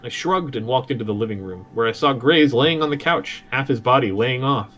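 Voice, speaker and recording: Man co-host reading fan fiction, lively swooping pitch, jokey and crude. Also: a little fast. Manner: crude, joking, chatty. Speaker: podcast co-host and reader. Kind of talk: casual reading aloud.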